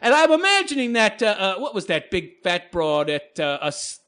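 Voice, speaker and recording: A man's voice: high-pitched, very animated, normal speed, pushed and bright, smooth. A man hosting his own channel, reading out hateful comments and answering them in a scornful, rambling monologue full of laughter. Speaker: channel host responding to comments.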